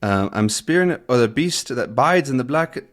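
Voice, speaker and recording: A man's voice: medium pitch, lively intonation, moderate pace, lightly acted. A man voicing an ominous old Scottish villager in a pub, speaking in a thick brogue with a cackling edge.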